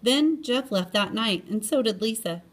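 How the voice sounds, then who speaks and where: A woman reading a children's chapter book aloud in an expressive storytelling manner, often lifting her pitch. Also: moderate pace, husky.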